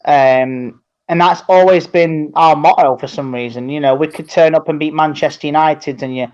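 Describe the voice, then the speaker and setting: A man's voice: a little high, fairly even intonation, normal speed, darkish tone, muffled recording. A man chatting casually on a football fan show, rambling and restarting his sentences. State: tired.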